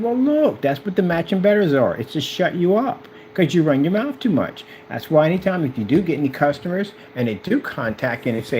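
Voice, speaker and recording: A man's voice: a little high, big pitch swings, brisk, hardly any pauses, darkish tone, a little hiss or hum. A businessman ranting at the camera, confrontational and mocking, repeating himself as he goes. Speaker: business owner.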